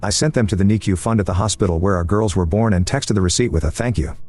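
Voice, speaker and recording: Here a man narrates a story in the first person from a script, with faint music in the background. His pace is brisk, his pitch slightly low, and his steady reading is even and measured, colored by dry similes.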